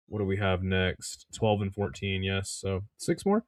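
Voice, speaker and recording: A man's voice: sits low, lively intonation, a little slow, hardly any pauses, no room sound, clean studio sound. A young man hosting a live stream, giving casual play-by-play in a laid-back, slangy way and chatting with viewers.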